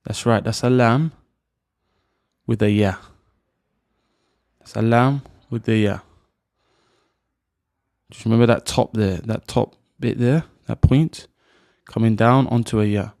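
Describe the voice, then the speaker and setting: A man teaching letter sounds, slowly repeating each sound for the learner to copy. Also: fairly low pitch, fairly even intonation, creaky, a little mellow, no room sound, studio quality. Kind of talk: pronunciation lesson.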